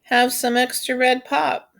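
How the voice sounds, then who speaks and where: A woman reading aloud, voicing a friendly grown man who gently coaxes a hungry child out of hiding, slow and patient. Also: sits high, little pitch movement, creaky, pitched above the performer's own voice, heavily acted. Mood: coaxing. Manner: gentle, coaxing, unhurried.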